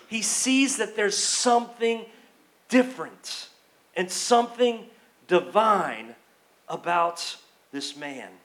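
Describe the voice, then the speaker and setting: A pastor delivers a sermon in a notably high voice with a fairly bright tone, sounding as though he's speaking in a church. His style is loose and conversational, and he often acts out quoted pleas.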